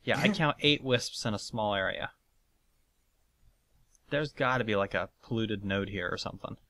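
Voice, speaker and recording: Bright-voiced man giving a game tour. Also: lowish voice, normal speed. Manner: chatty tour-guide narration with swearing. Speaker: let's play host. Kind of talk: casual gameplay commentary.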